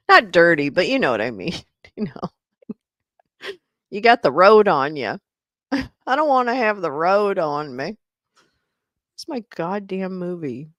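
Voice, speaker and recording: A woman's voice: fairly low pitch, no room sound, studio quality. A woman hosting a casual livestream, chatting in a scattered way and swearing and laughing as she fumbles with her setup. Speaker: livestream host.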